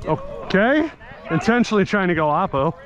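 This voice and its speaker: A man doing excited, jokey play-by-play of a kickball game he is playing in, out of breath, on a handheld camera outdoors. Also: sits high, moderate pace, lo-fi sound, a crowd in the background. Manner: excitable, jokey, yelps at big plays.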